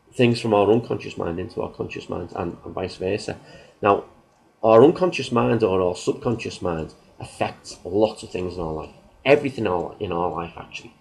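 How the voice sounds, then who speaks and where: A man with a fairly low voice talks casually to the camera as a self-help host. He explains loosely and leans on everyday examples, sometimes acting out what people say. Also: creaky, slightly rough, rough recording.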